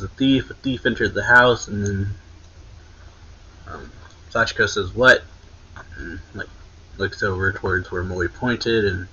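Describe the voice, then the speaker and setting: Young male reaction host, low-pitched, bright and husky, rambling casual recap, lo-fi mic. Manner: rambling, filler-heavy retelling with many likes and restarts. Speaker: anime reaction channel host.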